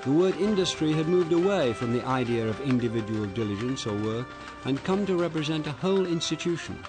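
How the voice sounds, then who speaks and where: A man of middle pitch narrates a history documentary at a deliberate pace. Soft music sits faintly under his voice. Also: expressive. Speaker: documentary presenter.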